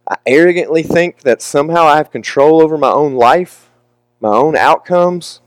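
A man's voice: a little high, moderate pace, no echo. A young man preaching a candid, emotional, confessional sermon with casual asides.

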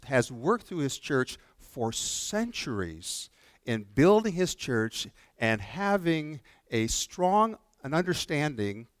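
A man's voice: on the high side, no room sound, clean studio sound. A man preaching a sermon as pastor, earnest and repeating phrases for emphasis. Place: church sanctuary.

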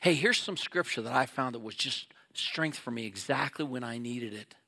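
A man's voice: mid-range voice, expressive, moderate pace, gravelly, bright, forceful tone. A middle-aged male pastor preaching a sermon in an earnest, conversational way, acting out little quoted exchanges.

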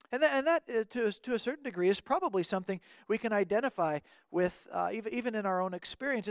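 Guy with a pretty high voice giving a sermon, earnest, keeps repeating words, dry close sound. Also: dry recording. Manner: earnest, often doubles words as he restarts. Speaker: preacher.

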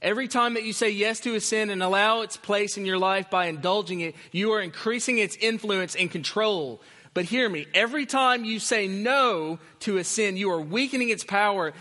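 A man's voice: high voice, normal speed, bright, forceful tone. A man preaching a sermon as pastor, earnest and emphatic, repeating his key phrases. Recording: long hall reverb.

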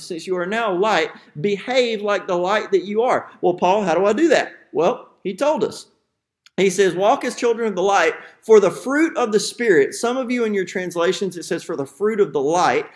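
A man preaching a sermon, earnest and emphatic, with frequent fillers and restarts. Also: sits high. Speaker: pastor.

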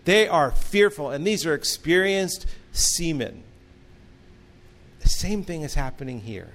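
Male pastor, measured unhurried sermon delivery, earnest storyteller with light humor. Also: on the high side, expressive, fairly bright tone.

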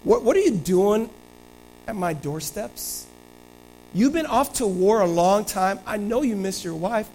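A man's voice: high voice, animated, a little slow, a little mellow, a little hiss or hum, poor audio. A man voicing a scheming middle-aged king in casual, coaxing modern speech. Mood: insistent.

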